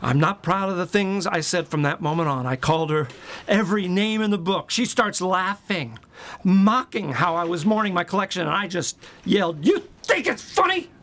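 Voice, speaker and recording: A middle-aged man in a self-righteous, prissy comic monologue, explaining himself to a police officer and breaking into shrill, high-pitched rants. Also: moderate pace, a bit bright. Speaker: comedic monologue character.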